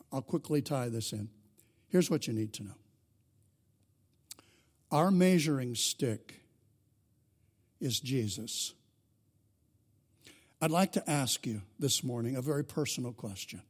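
A man's voice: mid-range voice, a little mellow. A middle-aged male pastor delivering a sermon, earnest and building to fervent emphasis.

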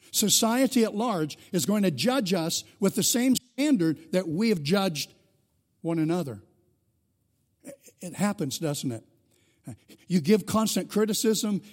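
A man's voice: high-pitched, a little mellow. A middle-aged male pastor delivering a sermon, earnest and building to fervent emphasis.

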